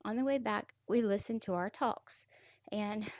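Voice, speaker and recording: A woman's voice: mid-range voice, unhurried, darkish tone, no echo. A young woman telling a personal story in a casual, conversational way, full of "like" fillers.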